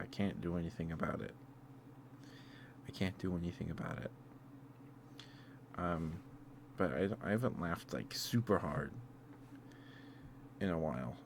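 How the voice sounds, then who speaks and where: Low-voiced man rambling softly on stream. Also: measured pace, creaky, long pauses, noisy background. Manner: rambling, laughs often, many restarts. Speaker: ASMR streamer. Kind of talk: soft-spoken ASMR live stream chat.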